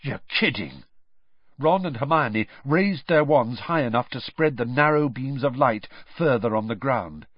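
Brief: male audiobook narrator, animated delivery, muffled lo-fi, no room echo. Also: mid-range voice. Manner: measured storytelling with lively swings. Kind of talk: scripted narration. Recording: dull dry lo-fi recording.

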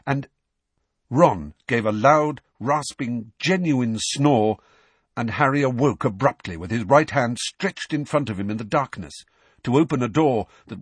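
Male audiobook narrator, expressive, husky, dry close sound. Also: medium pitch, unhurried, no echo. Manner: expressive, storytelling. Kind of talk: scripted narration.

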